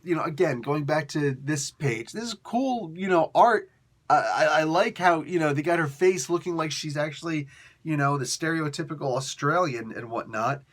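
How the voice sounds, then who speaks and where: A man giving a blunt, exasperated comic book review, rambling with restarts and asides. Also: a little high. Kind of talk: casual spoken review.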